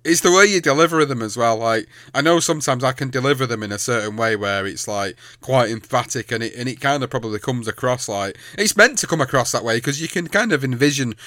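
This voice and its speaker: A man's voice: medium pitch, animated, quick pace, few pauses, sharp tone, no room sound. A man co-hosting a podcast, rambling cheerfully with frequent laughs and restarts. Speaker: podcast co-host and editor. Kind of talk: casual chat.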